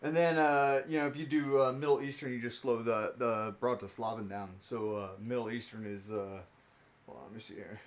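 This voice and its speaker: A man's voice: medium pitch, fairly even intonation, moderate pace, hardly any pauses. A young man streaming, chatting casually and joking as he sorts cards, laughing often and playing with mock accents. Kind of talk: casual stream chat while sorting cards.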